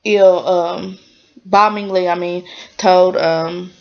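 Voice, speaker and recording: A woman casually recapping a drama episode in a rambling, chatty way, full of fillers and lively exclamations. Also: lowish voice, takes it slowly, gravelly, dull audio.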